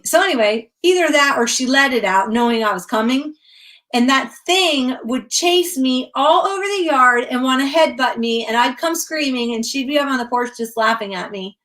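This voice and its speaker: A middle-aged woman from Connecticut, a craft vlogger, chats casually and rambles through memories while working on a craft journal during a livestream. Her voice is fairly high and fairly bright.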